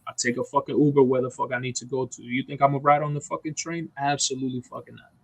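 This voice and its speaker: A man's voice: mid-range voice, little pitch movement, fast, gravelly, no echo, low-quality recording. A man talking on a casual podcast, ranting emphatically with lots of profanity. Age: adult parent. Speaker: podcast co-host. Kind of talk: heated casual chat.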